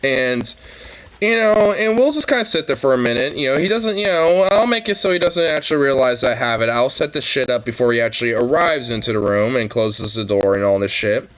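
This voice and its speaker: A man's voice: medium pitch, lively intonation, fairly quick, a bit bright, low-quality recording. A man streaming a reaction to videos, talking in a casual, rambling way that is heavy with fillers, restarts and swearing.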